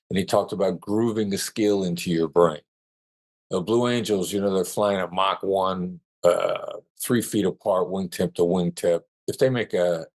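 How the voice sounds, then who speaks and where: A man with a notably deep voice talks as an interview guest on negotiation. He speaks in a measured, deliberate way and slows down to stress key points. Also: darkish tone. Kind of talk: conversational advice in an interview.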